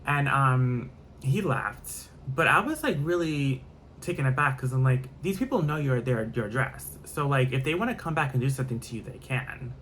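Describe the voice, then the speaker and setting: A man's voice: mid-range voice, normal speed, fairly bright tone, slight background noise. A man telling a rambling story-time vlog, repeating himself and swearing freely. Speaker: vlogger.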